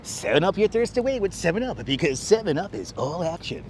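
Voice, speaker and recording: Man voicing a sarcastic old-time radio announcer, booming ad-read delivery, slightly high voice, outdoor clip-on mic. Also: big pitch swings, fairly quick, a little hiss or hum. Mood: hammy. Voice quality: booming, exaggerated ad-read inflection. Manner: over-the-top sarcastic announcing. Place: outdoors on a city street. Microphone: wireless clip-on mic.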